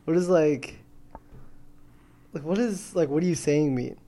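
A man co-hosting a podcast in casual chat, curious and quick to apologize. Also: a little high, dark tone. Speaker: podcast co-host.

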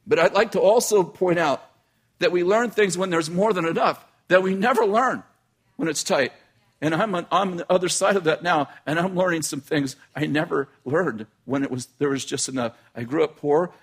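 A man's voice: fairly high pitch, slightly rough. A middle-aged man preaching a storytelling sermon, talking conversationally and often restarting his phrases. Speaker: pastor.

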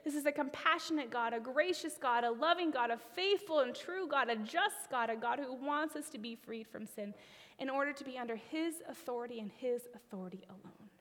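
High-voiced woman preaching in a reverberant hall. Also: brisk. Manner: expressive, trailing phrase ends into a whisper. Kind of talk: sermon with a personal story.

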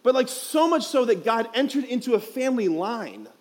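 A man's voice: extremely high pitch, sing-song, moderate pace. A young man, a priest, giving a playful, emphatic homily at a youth conference, asking the crowd questions, speaking into a headset mic.

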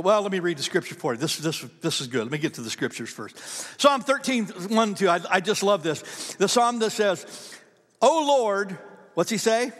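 A male pastor preaching a sermon in an animated, conversational way, asking the congregation questions. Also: high voice, long reverb tail. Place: church.

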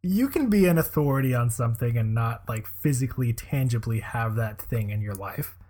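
A man's voice: mid-range voice, lively intonation, normal speed, warm tone. A young man co-hosting a podcast in casual chat, hesitant and full of "uh"s, often laughing. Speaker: podcast co-host.

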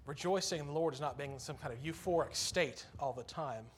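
Earnest male preacher with a higher voice. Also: a little fast, a little hiss or hum. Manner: earnest, conversational preaching with emphatic rises. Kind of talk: sermon. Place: church.

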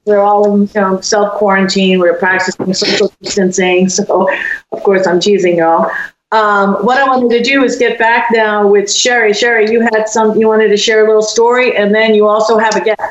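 A woman's voice: mid-range voice, level tone, moderate pace. A woman hosting a radio show in a teasing, upbeat casual chat. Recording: roomy, dull, faint noise.

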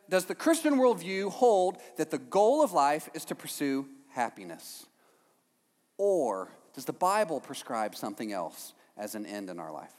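A man preaching a sermon to a congregation, animated, with jokey asides and frequent "right?" checks to the room. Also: mid-range voice. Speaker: pastor. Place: church hall with a congregation. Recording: long hall reverb.

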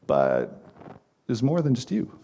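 Man, pastor, sermon, mellow gravelly voice, emphatic. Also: medium pitch, huge pitch swings, slow pace. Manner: earnest, emphatic preaching with repeated phrases.

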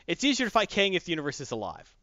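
A man rambles through a casual podcast chat, acting out bits of dialogue in a lively, swooping voice. His pitch sits a little high for a man. The audio is lo-fi and dry. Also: rapid-fire, no room sound. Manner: animated, rambling, acts out quotes.

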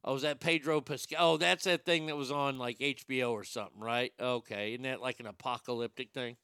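A man's voice: medium pitch, a little fast, few pauses, pushed and bright, clean tone, dry recording, clean studio sound. A man in casual, rambling commentary, sarcastic and profane as he thinks aloud.

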